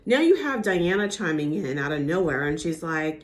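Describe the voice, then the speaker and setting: A young woman with a low-set voice runs through a reality TV recap in chatty gossip mode. Her pitch leaps around expressively as she acts out each cast member's lines. The delivery is casual and animated. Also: normal speed. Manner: animated, acts out quotes with impressions.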